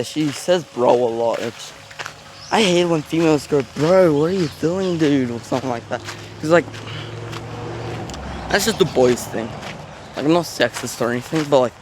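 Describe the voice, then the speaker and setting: A man's voice: mid-range voice, slight background noise. A man talking casually to a handheld phone camera as he walks around a zoo outdoors, rambling in a self-aware way with lots of filler words. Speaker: vlogger. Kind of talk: casual walking vlog.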